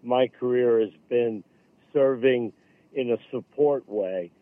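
A man speaking earnestly and haltingly as a guest in a radio interview, often restarting his phrases. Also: mid-range voice, dry recording. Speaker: radio guest, veterans golf program leader. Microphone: phone. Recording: tinny phone line.

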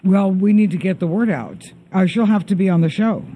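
A middle-aged man hosting a show, chatting casually with a guest and reading out lists of names haltingly. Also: high-pitched, mellow, husky. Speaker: show host. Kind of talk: casual interview chat.

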